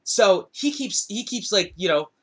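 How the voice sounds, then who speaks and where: This podcast host is a young man with a high, slightly breathy voice who speaks at a measured pace. His casual chat is a lively story full of swearing.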